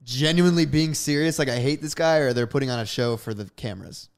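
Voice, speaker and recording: A young man co-hosting a podcast, relaxed and casual, with lots of filler words. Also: mid-range voice, quick pace, clear, resonant tone. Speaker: podcast co-host.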